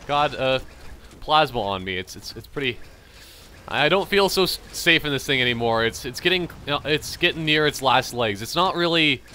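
A man's voice: on the high side, pushed and bright, slight background noise. A young man with a light Canadian accent, rambling chattily as he comments on his own gameplay. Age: young adult. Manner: rambling, chatty, thinking aloud. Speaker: gamer commentator.

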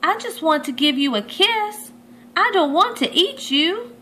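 A woman voicing an eager, friendly young male lemon shark in a storybook, with excited, high-spirited lines. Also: unhurried, slight background noise, heavily acted. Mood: pleading.

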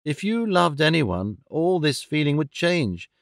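A man reading an audiobook voices a gentle, timid young woman who speaks mildly and anxiously. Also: on the high side, sing-song, a little slow, gravelly, no echo, clean studio sound, exaggerated voice. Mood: pleading. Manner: mild, soft, anxious.

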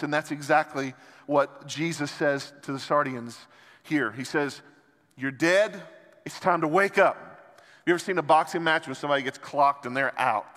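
A man preaching a sermon as pastor, impassioned, moving between soft and loud passages. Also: a little high. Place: large church sanctuary. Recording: long hall reverb from church sanctuary.

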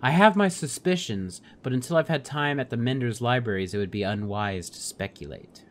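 A man voicing a calm, wise mystic woman in a game, reading her lines in a slow, measured, solemn way. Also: medium pitch, lightly acted.

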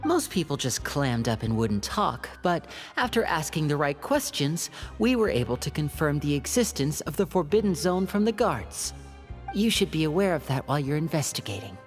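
A voice actor playing a composed young male investigator giving a measured briefing, in video game voice acting. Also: low-pitched, sing-song, soft background music.

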